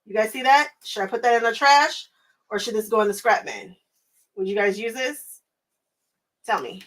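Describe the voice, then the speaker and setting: A woman's voice: a little high, animated, moderate pace, fairly bright tone. An American woman hosting a quilting livestream, chatting casually with viewers, laughing often and thinking aloud with lots of fillers.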